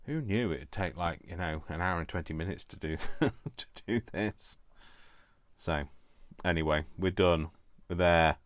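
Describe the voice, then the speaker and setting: A man's voice: sits low, normal speed, hardly any pauses, no room sound. A man hosting a crafting video, chatting casually as he works, talking to himself and poking fun at himself, prone to fits of giggling. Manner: talks to himself while working, rambling and self-mocking. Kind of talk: casual crafting vlog narration.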